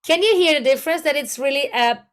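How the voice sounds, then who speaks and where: She talks fast in a high, slightly bright voice. A voice coach with a German accent, she's leading a workshop, groping for English words and walking through vocal exercises.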